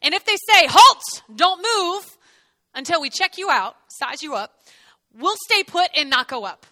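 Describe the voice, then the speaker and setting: High, bright woman teaching the Bible. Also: moderate pace, no echo. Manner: lively, jokey, acts out the characters.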